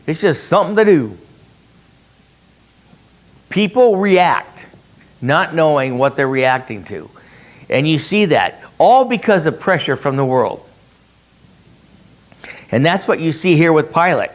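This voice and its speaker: A man's voice: on the high side, sing-song, measured pace, long pauses. A man leading a conversational Bible study, explaining through rhetorical questions and repeating his key points. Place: church meeting room.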